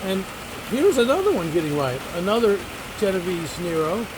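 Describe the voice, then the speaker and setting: Out among his fig trees, a former teacher in his seventies picks fruit and rambles off on tangents in a casual garden vlog. He speaks at normal speed in a sing-song voice that sits high, with background noise around him.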